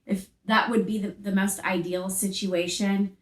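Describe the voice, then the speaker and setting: A woman, a paranormal investigator, speaking calmly with brief acknowledgments and instructions. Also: mid-range voice, measured pace, echoey room.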